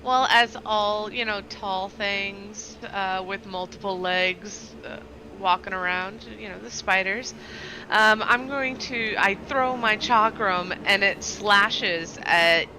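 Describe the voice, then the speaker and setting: A woman playing a tabletop game, describing her character's actions in an unhurried, hesitant way. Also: medium pitch, noisy background. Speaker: player.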